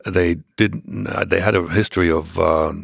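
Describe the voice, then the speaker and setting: Older man, deep gravelly voice, halting storyteller, dry close sound. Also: fairly even intonation, no room sound. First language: German. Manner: halting, many restarts and fillers. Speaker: interview guest. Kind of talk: storytelling in an interview.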